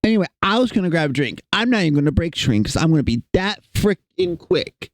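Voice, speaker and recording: A man's voice: on the high side, fairly quick, no echo. Guy streamer from the us, goofy teasing chat, bouncy voice, dry close mic. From United States. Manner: playful, teasing, animated. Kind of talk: casual chat with chat.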